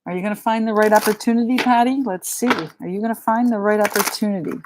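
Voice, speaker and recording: A woman's voice: mid-range voice, fast talker, noisy background. Chatty New England woman reading tarot. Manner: chatty, frank and joking. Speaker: tarot reader.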